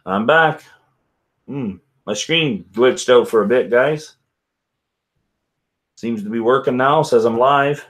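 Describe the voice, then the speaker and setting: A man's voice: mid-range voice, slow, long pauses, a bit bright. A man hosting a casual whisky live stream, rambling and chatting with viewers by name. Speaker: livestream host.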